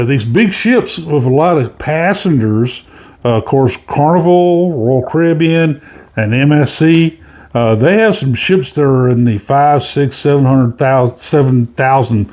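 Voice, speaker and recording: A man's voice: medium pitch, a little mellow. A man hosting casual cruise news commentary, rambling with many fillers and restarts.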